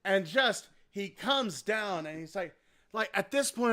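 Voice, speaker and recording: Male podcast host, high bright voice, profane, animated storyteller. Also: unhurried. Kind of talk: casual storytelling.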